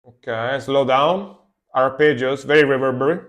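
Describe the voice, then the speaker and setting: A man's voice: mid-range voice, normal speed, fairly bright tone. A man streaming live, reacting to metal music in casual commentary and humming along to riffs. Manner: chatty, scats along to the music.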